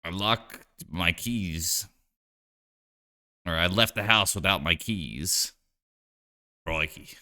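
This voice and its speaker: A man's voice: deep voice, slow pace, long pauses, bright, forceful tone. A man streaming live, chatting casually and joking while he plays a card game, rambling with lots of "like" and "you know".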